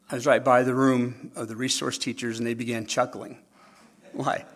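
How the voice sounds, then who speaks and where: A man with a gravelly voice delivers a sermon to his congregation. He tells stories, acts out both sides of conversations and keeps checking that his listeners are following. His pitch sits in the ordinary middle range for a man. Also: brisk. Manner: animated storytelling, acts out dialogue, asks the audience questions. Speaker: preacher.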